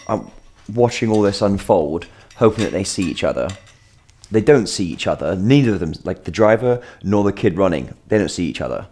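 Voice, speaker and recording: A man's voice: fairly low pitch, a little mellow. A man telling a long, rambling anecdote in a casual vlog, full of self-deprecating jokes and asides. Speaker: vlogger.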